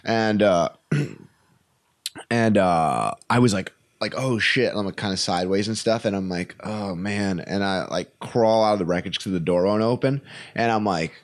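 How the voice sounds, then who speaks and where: A man's voice: low voice, moderate pace. A young adult man, a comedian guest, telling stories in a casual, rambling way full of fillers. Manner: rambling, lots of "like" and "you know". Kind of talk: casual storytelling.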